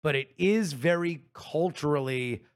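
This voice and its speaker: Animated man riffing. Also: on the high side, a little slow, smooth. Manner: animated, swearing, emphatic riffing. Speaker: podcast co-host. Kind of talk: casual comedic chat.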